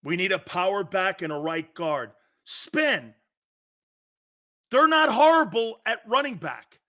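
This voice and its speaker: Combative high-voiced male sports host. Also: expressive, takes it slowly, pushed and bright. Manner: combative, rhetorical, challenging. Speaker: sports talk show host. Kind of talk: opinionated sports talk.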